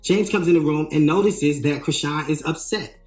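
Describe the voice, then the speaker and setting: A man working as a tour manager tells a story in an animated way, re-enacting what people said with emphatic rises. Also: fairly high pitch, normal speed. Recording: roomy echo, faint music.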